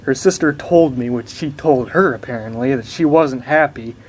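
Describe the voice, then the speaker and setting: Young man, rambling, foul-mouthed, casual vlog storytelling, mid pitch. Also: normal speed, a little hiss or hum. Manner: rambling, profane, blunt. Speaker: vlogger.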